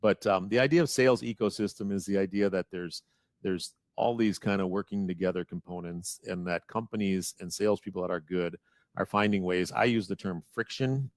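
A man's voice: low-pitched, a little fast, no echo, clean studio sound. A man with a Wisconsin accent, presenting at a webinar and rambling through a casual explanation with many restarts over a video call. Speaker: guest presenter.

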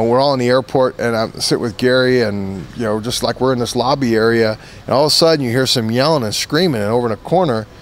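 A man's voice: mid-range voice, a little hiss or hum. A man, a former fighter, giving an interview and telling a long anecdote in a loose, rambling way full of restarts. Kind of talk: casual storytelling interview.

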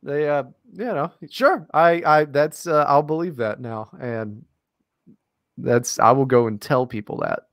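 A man's voice: medium pitch, measured pace, no echo, studio quality. An American man co-hosting a podcast, talking in a casual, profane and sarcastic way with lots of fillers. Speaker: podcast co-host. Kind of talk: casual chat.

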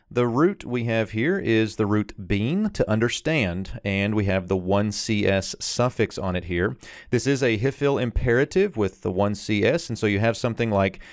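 A man walks through the grammar of an ancient verse in a lower, smooth, resonant voice. He is recorded dry and close, with no room sound. He explains steadily, slows down to read phrases aloud, and fills pauses with an occasional "uh.". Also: no room sound. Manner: explanatory, with frequent "uh" fillers and slowed readings of Hebrew. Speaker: Hebrew teacher.

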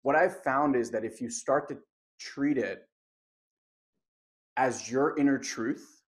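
A man's voice: mid-range voice, takes it slowly. A man hosting a conversational interview in an earnest, affirming way. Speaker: host, life coach.

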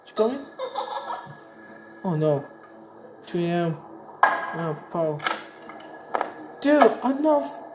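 A woman playing a horror game, talking in excitable, exclamatory bursts and swearing at it. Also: lowish voice, extremely slow, pauses often. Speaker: gamer. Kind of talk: let's play commentary. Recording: loud background noise.

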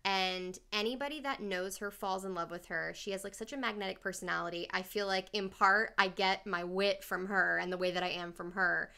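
A woman's voice: mid-range voice, gravelly, clear, resonant tone. A woman co-hosting a podcast, animatedly telling a personal story in casual chat. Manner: animated storyteller, quick asides. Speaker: podcast co-host.

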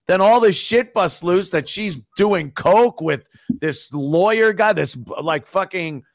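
Wry, profane middle-aged man, higher pitch. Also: slow, dry recording, studio quality. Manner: profane, wry, laughs often. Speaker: guest, former radio host. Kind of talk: casual podcast chat.

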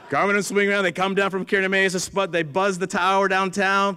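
A man's voice: high voice, sharp tone, clear, resonant tone. A middle-aged man, a museum chief engineer, telling stories to an audience and acting out dialogue. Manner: storytelling, acts out dialogue with others. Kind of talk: animated speech to an audience.

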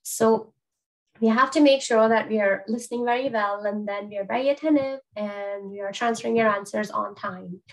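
A woman's voice: medium pitch, moderate pace, low-quality recording. A young woman French teacher explaining an exam to learners in a chatty way, with frequent fillers and restarts.

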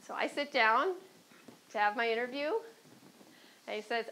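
A woman's voice: a little high, normal speed, sharp tone, slight background noise, low-quality recording. A woman from Chicago with a Chicago accent, speaking on a panel as a former court clerk and telling stories, often checking in with "right?". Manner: anecdotal, often adds "right?".

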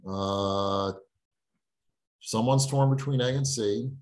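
A man's voice: lowish voice, takes it slowly, a little mellow. A middle-aged man teaching a writing class online in a conversational way, thinking aloud with fillers and restarts. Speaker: writing instructor. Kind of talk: online lecture.

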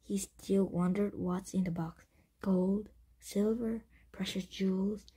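A woman reading a children's chapter book aloud, breathy and often whispered, with frequent slips and restarts. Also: medium pitch, steady tone, takes it slowly, warm tone. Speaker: story reader.

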